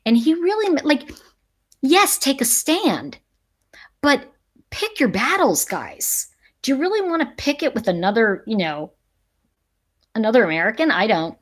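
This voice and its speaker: A woman's voice: on the high side, big pitch swings, unhurried, long pauses. Middle-aged lady chatting live with her viewers, emphatic, laughs a lot. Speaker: livestream host. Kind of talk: casual live chat with viewers.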